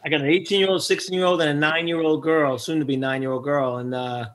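A man's voice: fairly high pitch, steady tone, fast. A middle-aged man who is a podcast guest and answers reflectively, with some hesitation. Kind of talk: casual interview.

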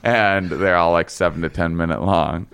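A young man with a very low, gravelly voice that still comes through smooth and resonant. He tells a long story in a loose, rambling way, full of fillers, restarts and short laughs. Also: fairly even intonation, a bit bright. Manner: rambling, halting, many fillers and restarts, laughs while telling. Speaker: guest telling a story. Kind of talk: casual storytelling chat.

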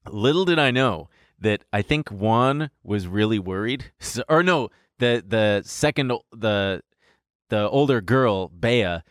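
A young man casually telling a story in an animated way, laughing and swearing as he goes. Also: fairly low pitch, slow, no echo, clean studio sound.

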